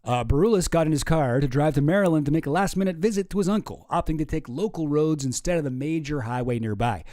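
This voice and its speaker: A man hosting a commentary stream, his voice lively and swinging up and down in pitch. He reads news posts aloud and breaks in with sarcastic, swearing asides. The recording is close and dry. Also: fast talker, no echo. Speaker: streamer host.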